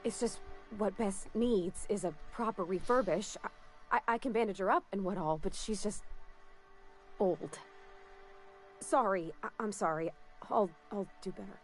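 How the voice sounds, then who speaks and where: A woman's voice: mid-range voice, unhurried, faint music behind, lightly acted. A woman voicing a shy, apologetic young woman mechanic in a video game, hesitant and stammering, with rural turns of speech.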